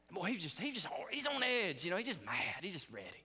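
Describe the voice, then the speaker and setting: A man preaching in a seminary chapel, telling a story with lively acted-out moments. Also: high-pitched, a little fast, few pauses, breathy edge. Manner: animated storytelling, acts out scenes. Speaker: guest preacher. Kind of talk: sermon. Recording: long reverb of a chapel.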